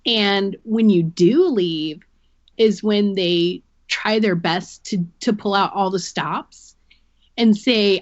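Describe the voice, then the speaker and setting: A woman's voice: medium pitch, slow pace, no echo, dull audio. A woman guest on a podcast, giving a candid personal account and explaining things earnestly through long analogies.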